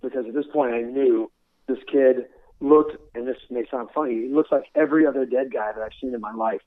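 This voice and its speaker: With a steady, medium-pitched voice and a fairly quick pace, this interview guest, a former military instructor, describes his military career. He's earnest and frequently restarts, and the audio is narrow and tinny with no room sound.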